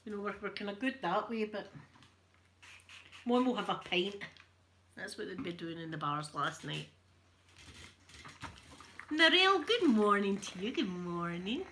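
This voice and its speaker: A woman's voice: mid-range voice, big pitch swings, unhurried, long pauses, pushed and bright, slight background noise. A middle-aged Scottish woman chatting casually while ironing, rambling from one story to the next. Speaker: ASMR creator.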